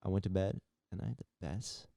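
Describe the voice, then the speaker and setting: A man's voice: low-pitched, fairly even intonation, brisk, gravelly, mellow, dry recording, clean studio sound. A young man co-hosting a podcast in a casual, laid-back way, often calling his friend bro. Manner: laid-back, says "bro" a lot, hyped. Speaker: podcast co-host. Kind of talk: casual chat.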